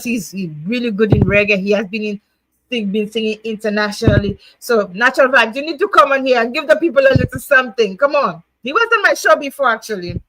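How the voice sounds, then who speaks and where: A woman's voice: fairly high pitch, expressive, a little fast, fairly bright tone, no room sound, low-quality recording. A woman hosting a casual poetry night livestream, chatting and laughing, coaxing viewers to join, then reading her own poem. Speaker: livestream host.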